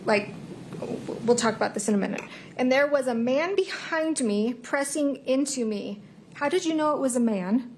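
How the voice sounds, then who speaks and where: A woman's voice: high voice, lively intonation, noisy background. A woman attorney questioning a witness in court, reading back the account point by point. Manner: measured, repeating the witness's account.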